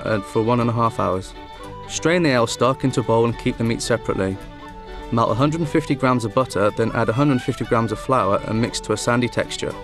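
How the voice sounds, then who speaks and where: A man from Cornwall, a first-time TV guest chef, steadily explaining how he makes a pie. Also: medium pitch. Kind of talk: talking through a recipe on TV.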